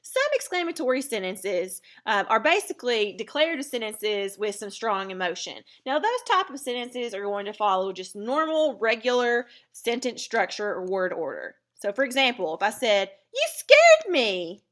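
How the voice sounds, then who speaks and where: Woman teacher with a bright clear voice, walking through grammar one step at a time. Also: fairly high pitch, expressive, moderate pace, few pauses. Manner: step-by-step explaining. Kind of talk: recorded grammar lesson.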